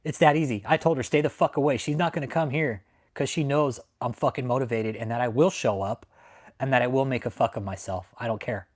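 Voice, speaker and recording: Here the San Antonio channel host talks fairly quickly in a mid-range voice, broadcasting from home. His livestream is a furious, repetitive tirade of Texas-style cursing and recycled threats.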